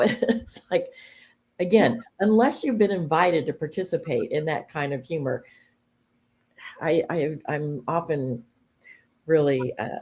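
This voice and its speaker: Low-voiced woman explaining thoughtfully. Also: a little mellow. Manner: thoughtful, explanatory, with fillers and restarts. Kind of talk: conversational discussion.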